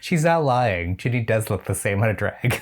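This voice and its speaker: A man reviewing a drag competition show in a casual, chatty reaction style, with opinionated and slightly shady asides. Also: medium pitch.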